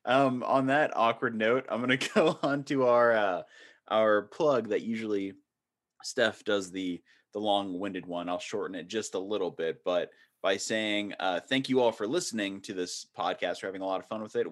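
A man's voice: fairly low pitch, normal speed, a bit bright. A man hosting a podcast, chatting casually with frequent laughs and fillers. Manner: laughs often, rambling with fillers. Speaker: podcast host.

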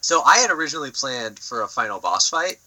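A young man on a podcast, rambling through his stories with fillers and swearing as he goes. His voice is very bright and forward, with a middling pitch. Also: very animated, fast, low-quality recording. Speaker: podcast co-host. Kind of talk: casual chat.

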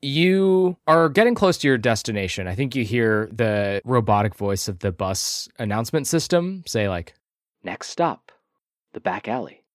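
A man running a tabletop role-playing game as game master, narrating scenes in a measured, descriptive way with casual asides. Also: medium pitch, very animated, dry recording, studio quality.

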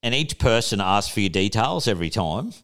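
Young Aussie man, low smooth voice, relaxed storyteller on a podcast. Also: a little fast. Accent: Australian. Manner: laid-back storytelling, swears freely. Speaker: podcast co-host. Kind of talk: casual chat.

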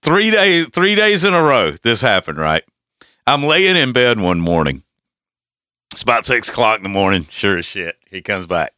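Bright-voiced man telling rowdy stories. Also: mid-range voice, very animated, normal speed, smooth, no room sound, clean studio sound. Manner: profane, laughs through his stories. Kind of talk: casual storytelling.

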